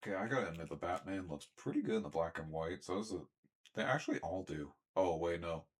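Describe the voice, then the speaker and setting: A young man with a very deep voice talks through a toy unboxing in a loose, rambling way. He keeps stopping to clear his throat and tacks on asides as he goes. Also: expressive, fast talker. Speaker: toy reviewer. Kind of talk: casual unboxing review.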